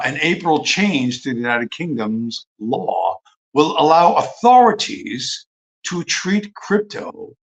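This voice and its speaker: A man's voice: mid-range voice, poor audio. Man ranting profanely on a livestream. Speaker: livestream host. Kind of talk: livestream rant.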